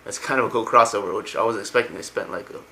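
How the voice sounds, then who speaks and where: A man's voice: fairly low pitch, very fast, vocal fry, sharp tone, rough recording. A young man casually retelling a story, rambling and enthusiastic with slangy asides. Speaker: lore explainer.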